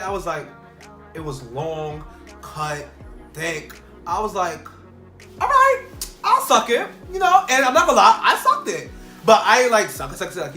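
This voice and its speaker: A young man telling a casual storytime vlog, animated and full of fillers, acting out the people in his story. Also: on the high side. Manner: animated, quotes people in changed voices, many fillers. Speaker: vlogger. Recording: echoey room with faint music.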